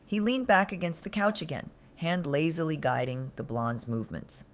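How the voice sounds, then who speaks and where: A woman narrating a dramatic first-person story, emotional and sometimes dropping into breathy whispers. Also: deep voice, moderate pace.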